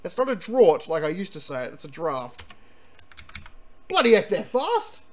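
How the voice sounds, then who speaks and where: A man streaming a retro computer game, chatting excitedly and reading the game's text aloud. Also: high voice, fast talker. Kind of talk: casual gameplay commentary and reading game text.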